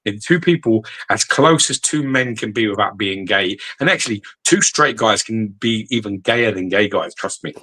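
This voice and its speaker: Blunt, swearing man, husky voice. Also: lowish voice, normal speed, few pauses. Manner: blunt, heavy swearing, animated storytelling. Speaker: podcast co-host. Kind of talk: casual chat. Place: podcast studio.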